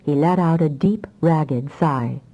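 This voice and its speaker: A woman narrating a fantasy audiobook with expressive storytelling. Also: low voice, slow, dull audio.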